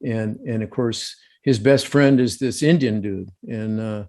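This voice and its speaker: A man's voice: on the low side, unhurried, a little mellow. A male actor talking casually in an interview over a video call, thoughtful and chatty with frequent "you know" fillers. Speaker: actor guest.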